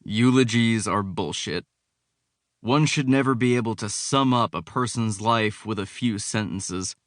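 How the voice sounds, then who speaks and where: Man, audiobook narrator, low voice, wry and cynical, dry studio sound. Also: unhurried, dry recording. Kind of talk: first-person romance narration.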